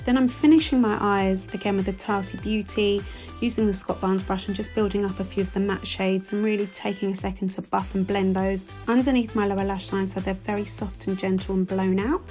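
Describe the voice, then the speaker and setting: Speaking fairly quickly with fairly even intonation, a woman in her forties from England voices over her makeup tutorial. Her mid-range voice is a little mellow, her London accent clear, and her manner chatty, gushing and self-deprecating as a beauty vlogger. There's faint background music.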